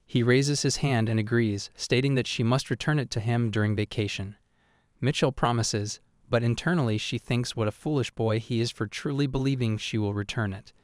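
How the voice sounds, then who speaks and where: A man narrating a comic story recap in a steady, even third-person retelling. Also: mid-range voice, normal speed, no echo, clean studio sound.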